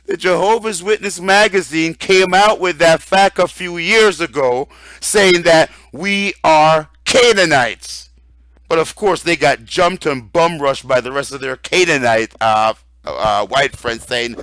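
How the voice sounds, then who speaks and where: A man giving an informal religious lecture, rambling through lists with many fillers and turning loud and excited at times. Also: a little high, a little slow, no room sound, studio quality. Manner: grows loud and excited, laughs. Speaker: religious teacher.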